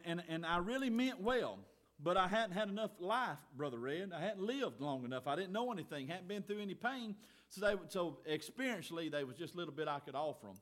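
A middle-aged man preaching a sermon in church, folksy and earnest, swinging from loud exhortation to quiet asides. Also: sits high. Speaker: pastor.

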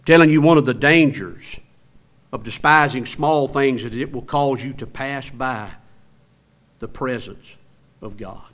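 Delivering a sermon, a male pastor shifts from loud, forceful stretches to quiet, low, lingering phrases. Again and again he puts rhetorical questions to his congregation.

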